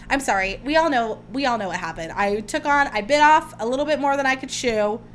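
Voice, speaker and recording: A woman's voice: a little high, fairly bright tone, a little hiss or hum. Gushing young woman podcast host. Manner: gushing, chatty, rambling with many "like"s. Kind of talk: casual solo chat.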